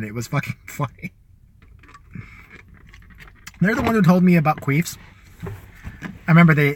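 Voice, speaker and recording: A man's voice: medium pitch, a bit bright, a little hiss or hum. A man from the Chicago area hosting a live show, telling crude, rambling stories about his school days and laughing often. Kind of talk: casual profane storytelling.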